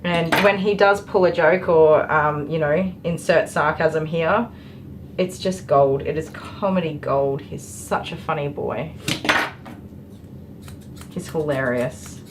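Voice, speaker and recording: A woman's voice: low voice, slow pace, noisy background. Chatty woman grooming a dog. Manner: chatty, laughs often, many ums. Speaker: dog groomer and live stream host. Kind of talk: casual chat while working. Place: grooming salon, indoors.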